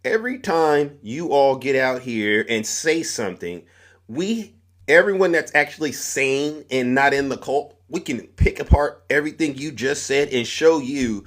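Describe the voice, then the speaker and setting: A man's voice: mid-range voice, expressive, measured pace, fairly bright tone. Guy going off on his live stream, heated and preachy, lecturing the viewers. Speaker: livestream political commentator. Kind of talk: ranting live commentary.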